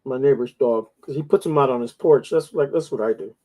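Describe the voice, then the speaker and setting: A man's voice: medium pitch, a little fast, warm tone. A man telling rambling stories in a casual chat, with coarse slang.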